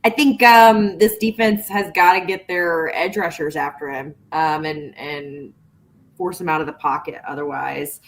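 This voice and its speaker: A woman on a sports show panel, measured in her analysis with hesitant fillers. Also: low voice, steady tone, a little hiss or hum.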